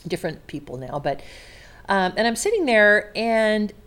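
A woman in her forties, a longtime television host, chatting as a guest and telling stories in a lively way, acting out the people she quotes. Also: mid-range voice, moderate pace. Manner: animated storyteller, acts out quotes. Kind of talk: casual chat.

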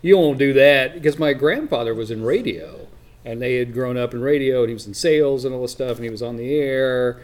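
A man's voice: mid-range voice, a little fast, a little mellow. A man hosting his own podcast, chatting casually with a guest and joking at his own expense. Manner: joking, self-deprecating. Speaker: podcast host. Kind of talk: casual chat.

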